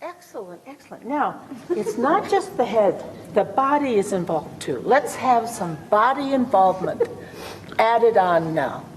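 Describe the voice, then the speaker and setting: A woman's voice: fairly high pitch, very animated, measured pace. A woman improvising a role-play as a career coach, speaking in a coaxing, mock-earnest way. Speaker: workshop co-presenter. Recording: reverberant hall, faint hum.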